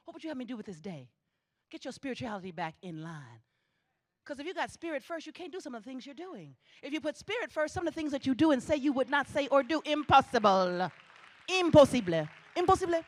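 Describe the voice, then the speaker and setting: Middle-aged woman, commencement speaker, high and bright, preacher's cadence, hammers her points by repeating them. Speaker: graduation ceremony speaker. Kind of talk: spirited commencement address. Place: theatre stage.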